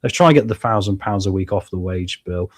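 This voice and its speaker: A fairly low-voiced man talks viewers through a football management game in a casual, chatty way. He jumps between excited cheering and relaxed asides, calling his audience mates and guys. His voice sounds a bit strained from shouting earlier in the day. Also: a little fast. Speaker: gaming YouTuber playing a football management game. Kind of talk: casual gameplay commentary.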